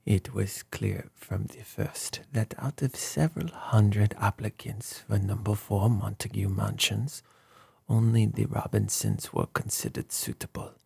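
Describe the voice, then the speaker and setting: A man's voice: on the low side, animated, unhurried, vocal fry, a little mellow, breathy edge, no echo, heavily acted. A man voicing a fussy, precise older male detective who speaks formally with mild reproach. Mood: explaining.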